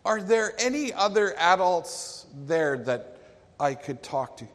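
A man's voice: high-pitched, expressive, slow pace, big-room sound, pitched above the performer's own voice. A man playing a persistent male telemarketer who keeps pressing with questions. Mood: pushy.

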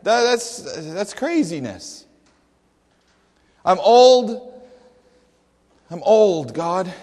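A preacher doing an exasperated old priest. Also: male voice, high voice, very animated, slow, a little mellow, breathy edge, heavily acted. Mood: protesting. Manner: emphatic, protesting. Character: exasperated elderly male priest. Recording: long hall reverb.

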